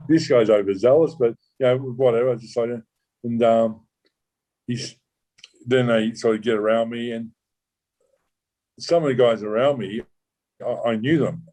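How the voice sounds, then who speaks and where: A man, a former undercover cop, recounting a true story in an interview, halting with many restarts and swearing casually. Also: mid-range voice, a little mellow, rough recording. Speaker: former undercover police officer.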